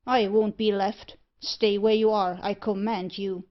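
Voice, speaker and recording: A woman's voice: mid-range voice, steady tone, moderate pace, natural voice. A woman voicing a pompous, easily frightened older male merchant in a storybook reading. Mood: alarmed. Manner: indignant and stiff. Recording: muffled lo-fi audiobook recording.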